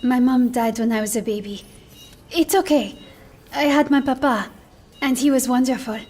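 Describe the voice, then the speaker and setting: A high, soft-spoken shy young woman. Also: normal speed. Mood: earnest. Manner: soft, hesitant, earnest. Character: kind, shy young woman, gentle helper. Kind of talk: video game cinematic acting.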